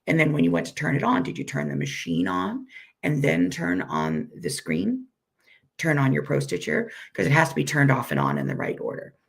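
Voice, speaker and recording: A woman with a weak, hoarse voice from a recent illness gives a friendly, self-deprecating live software tutorial and repeats each step slowly. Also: very deep voice, wildly swooping pitch. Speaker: software instructor.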